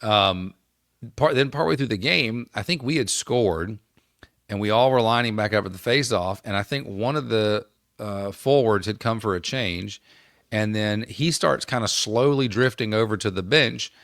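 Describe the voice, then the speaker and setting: A man's voice: on the low side, normal speed, fairly bright tone, no room sound, clean studio sound. A man co-hosting a podcast, animatedly telling a story, laughing often and acting out quotes. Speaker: podcast co-host. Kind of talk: casual storytelling chat.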